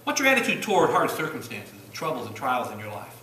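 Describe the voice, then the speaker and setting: A man preaches a sermon in a church, throwing out question after question. His voice is bright and somewhat high, swinging widely between loud bursts and low, quiet asides. He sounds far from the microphone in a roomy, echoing sanctuary with faint hiss. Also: wildly swooping pitch, fast. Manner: rising to loud bursts then dropping low, rhetorical questions. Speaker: pastor. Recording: echoey church room from a distance.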